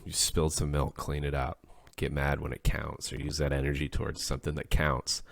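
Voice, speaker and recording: A man's voice: rumbling low, completely flat delivery, brisk, vocal fry, no room sound, studio quality. A man co-hosting a podcast in casual chat, rambling and acting out the things people say to him. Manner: rambling, acts out quoted speech. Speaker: podcast co-host; workplace supervisor.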